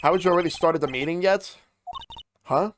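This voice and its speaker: A man's voice: fairly high pitch, a little fast, a little hiss or hum. A man streaming a visual novel game, reading the dialogue aloud and voicing each character, with casual asides.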